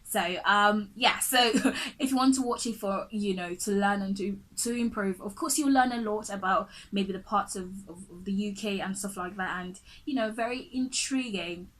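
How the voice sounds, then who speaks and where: A woman's voice: medium pitch, normal speed, fairly bright tone, low-quality recording. Earnest woman teaching English pronunciation. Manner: earnest, repeats and restarts phrases, adds "really" and "guys". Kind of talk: direct-to-camera lesson.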